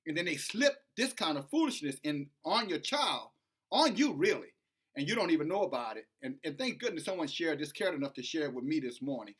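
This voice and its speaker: A middle-aged man hosting a preachy commentary vlog. His voice sits a bit high and rings bright. He keeps circling back to his points and building to a heated pitch. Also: big pitch swings, brisk, husky. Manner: emphatic, repetitive, rising to heated. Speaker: online commentator.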